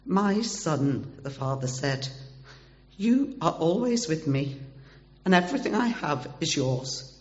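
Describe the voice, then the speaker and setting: A man reading a scripture passage aloud in an expressive way. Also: fairly high pitch, slow. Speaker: scripture reader. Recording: dull recording in a long-echo hall.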